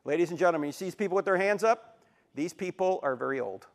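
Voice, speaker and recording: Animated man in his sixties lecturing. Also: a little high, fast talker, a little hiss or hum. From New Jersey, USA. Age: 60s. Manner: animated storyteller, acts out quotes and jokes. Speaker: Christian apologetics speaker. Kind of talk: live lecture to an audience. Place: university auditorium with a live audience.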